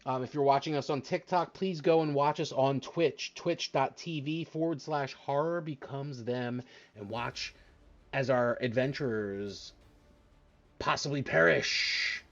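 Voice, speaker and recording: A man's voice: medium pitch, steady tone, measured pace, dull audio. Rambling man running a tabletop game. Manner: casual, rambling with fillers. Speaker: dungeon master.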